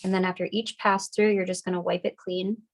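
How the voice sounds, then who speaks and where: A young woman getting over a cold, teaching a relaxed, chatty, upbeat step-by-step decorating class. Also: on the low side, fairly quick. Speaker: craft class instructor. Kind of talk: casual step-by-step demonstration.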